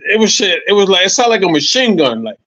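A man in his sixties, a former boxer, telling animated, profane stories as a podcast guest, repeating his points. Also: high voice, fast, crowd noise, rough recording. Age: 60s. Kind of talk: casual podcast chat.

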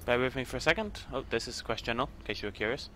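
A man's voice: mid-range voice, animated, very fast, pushed and bright, a little hiss or hum. A man commentating his gameplay in a chatty way, thinking aloud as he plays. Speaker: gaming YouTuber.

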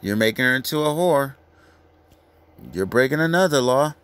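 A man's voice: mid-range voice, expressive, fairly bright tone, smooth. Brash, crude-talking man preaching scripture. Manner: brash, crude, lecturing, reads verses slowly. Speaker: street preacher. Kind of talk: profane scripture rant.

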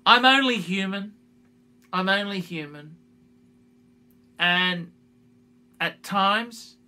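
A high, very bright male voice speaks slowly in a halting, heartfelt apology to camera. He repeats himself and restarts phrases as he speaks. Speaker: YouTuber making an apology video. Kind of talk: emotional direct-to-camera apology.

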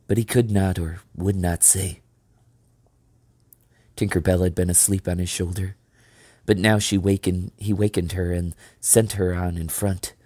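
A man reading a children's novel aloud as storyteller, steady and measured. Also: low-pitched, no room sound.

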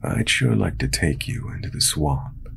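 A man's voice: sits low, expressive, a little slow, creaky, slight background noise, heavily acted. A man reading as a leering creepy old man.

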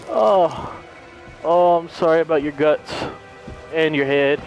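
A man's voice: on the high side, slow pace, gravelly, soft background music. A young man giving jumpy, profanity-laden commentary while playing a horror game, yelping when startled. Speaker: let's play gamer. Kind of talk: live gameplay commentary.

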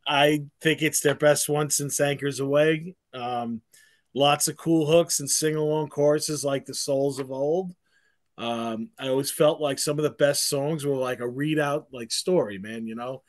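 A man's voice: fairly high pitch, steady tone, measured pace. Laid-back guest man, "man, you know". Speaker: podcast guest. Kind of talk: casual chat.

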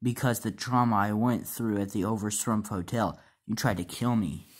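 A man voicing a troubled adopted son who slowly and defensively blames his father. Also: on the low side, fairly even intonation, lightly acted.

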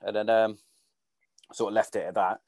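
A man's voice: fairly low pitch, flat delivery, moderate pace, a little mellow, no room sound. A man hosting a podcast in casual conversation, swearing freely and trailing off mid-sentence. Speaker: podcast host.

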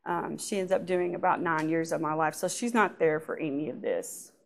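Lady with a lowish voice doing a church testimony, soft and halting, trails off a lot. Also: gravelly. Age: adult. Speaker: testimony speaker.

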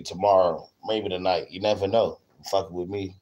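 A man's voice: deep voice, fairly even intonation, moderate pace, darkish tone, dull audio. A man livestreaming, rambling crudely and repeating himself while he talks straight to his chat. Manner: profane, repetitive, talks to chat. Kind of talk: crude rambling stream rant.

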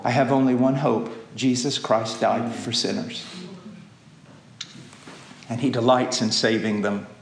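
A man preaching a sermon, with impassioned pleading that climbs to loud peaks. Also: medium pitch, steady tone, a little slow, vocal fry, pauses often, slight background noise. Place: church hall. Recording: echoey church with faint ambience.

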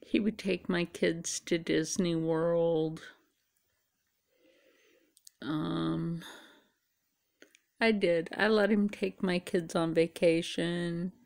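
A woman's voice: fairly low pitch, fairly even intonation, extremely slow, creaky, pauses often, darkish tone. A tired middle-aged woman chatting casually to camera, rambling and musing aloud. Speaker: vlogger. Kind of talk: casual chat.

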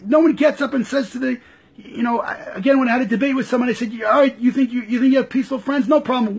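Husky, high-pitched man in frustrated commentary. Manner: frustrated, rhetorical, repeating himself. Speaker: political commentator. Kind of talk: impassioned live commentary.

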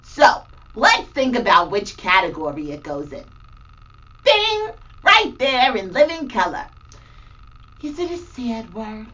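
Here the same grandmother role is heavily acted: a woman hosts a kids' feelings segment, her voice high and swooping, bubbly and full of exclamations. She takes her time, speaking slowly, while the audio comes across dull and far away.

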